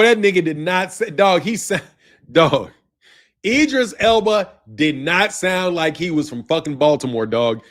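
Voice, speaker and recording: A man hosting a commentary channel, ranting loudly and profanely and laughing often between lines. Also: sits high. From United States. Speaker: boxing commentary channel host.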